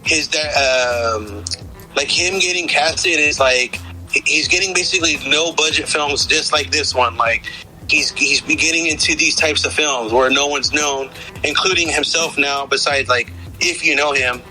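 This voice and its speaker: A man's voice: fairly high pitch, unhurried, sharp tone, faint music behind, low-quality recording. A young man co-hosting a podcast, rambling casually about a film, swearing and saying "dude" often. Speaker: podcast co-host.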